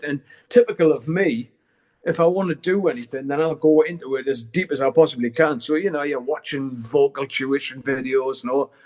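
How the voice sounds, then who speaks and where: Middle aged guy in an interview, kinda high voice, rambling and swearing casually. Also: a little mellow. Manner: rambling and candid, swears freely. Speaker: guest musician.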